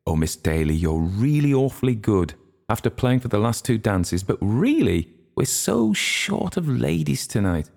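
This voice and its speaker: A man reading a storybook voices a brisk, polite young woman hostess organizing dancers. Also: mid-range voice, very animated, creaky, a little mellow, pitched above the performer's own voice. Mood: fussing. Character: busy young woman hostess and music teacher.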